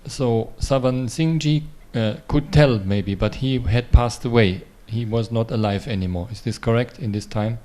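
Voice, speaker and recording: Man, mellow tone, tentative slow questions, spiritual gathering. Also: mid-range voice.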